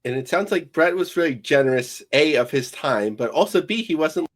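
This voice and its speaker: A man co-hosting a podcast, asking relaxed questions and thinking aloud with fillers. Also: on the high side, moderate pace. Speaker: podcast co-host. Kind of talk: casual podcast interview.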